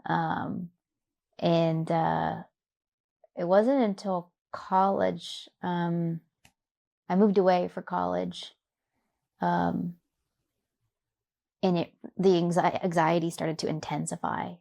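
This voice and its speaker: A young adult woman from Louisiana, an interview guest telling her own story in a reflective, soft-spoken way with many fillers. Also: lowish voice, flat delivery, slow, creaky, pauses often. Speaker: podcast guest. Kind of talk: personal story in a conversational interview.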